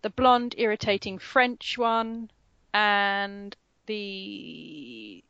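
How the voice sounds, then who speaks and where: A woman's voice: mid-range voice, very slow, creaky, pushed and bright, no room sound. A sarcastic, giggly woman chatting about anime with friends. Her voice sits in an ordinary middle range, close and dry with no room sound. The recording is a little dull and muffled. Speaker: podcast co-host. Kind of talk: casual chat, anime review.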